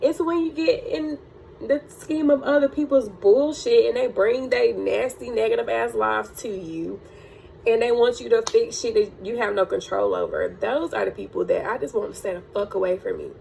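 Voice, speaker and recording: Blunt, gravelly-voiced woman vlogging. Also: fairly high pitch, normal speed, mellow, a little hiss or hum. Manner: blunt, profane, preachy, tearful at times. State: teary. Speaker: crystal healing channel owner. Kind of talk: emotional personal vlog.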